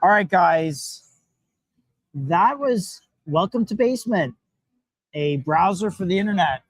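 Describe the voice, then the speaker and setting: Upbeat host with a higher voice. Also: male voice, lively intonation, no room sound. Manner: upbeat, quick reactions, chatty. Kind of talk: casual live-stream interview. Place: hackathon event floor.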